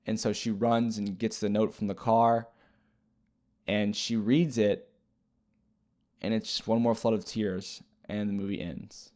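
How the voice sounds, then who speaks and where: A man's voice: lowish voice, steady tone, measured pace, pauses often, a little mellow. A man casually retelling a movie plot as a reviewer, rambling and hesitant with many fillers and restarts. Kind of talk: casual spoken movie recap.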